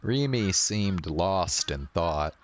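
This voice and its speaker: A man plays through a visual novel, reading its narration aloud and dropping casual, sometimes profane comments. His voice sits very low and his pace is slow and unhurried, with a faint hiss of noise behind it. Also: expressive. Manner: casual, swears, reads text aloud. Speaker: game player.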